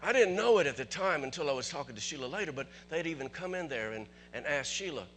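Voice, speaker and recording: A man pastor telling a personal story in a sermon in church, chatty at first and rising to excited preaching. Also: on the high side, fast, slight background noise. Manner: conversational, builds to excited preaching.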